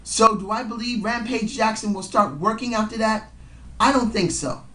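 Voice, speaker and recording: A man reviews a wrestling show in a casual vlog, rambling like an excitable fan. He's hoarse from yelling and short on sleep, so he slurs slightly. His voice is high-pitched and his speed is normal.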